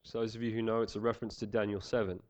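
A man preaching a sermon, praying and reading scripture in an earnest, measured way, slightly nasal from a head cold. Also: lowish voice, little pitch movement. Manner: earnest, measured, some fillers.

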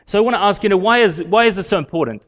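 A man giving a sermon in a conversational way, with frequent pauses and fillers. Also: sits high, a bit bright. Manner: conversational, halting with many fillers. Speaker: preacher.

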